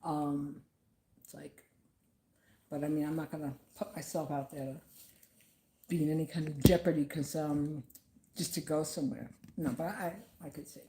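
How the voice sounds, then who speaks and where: A woman with a low, mellow voice talks to camera from her home. Her speech rambles and stops often, full of "um" and restarts. The room gives a roomy echo. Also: fairly even intonation, a little hiss or hum. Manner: rambling and halting, many fillers. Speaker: vlogger. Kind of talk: casual talk to camera about grief.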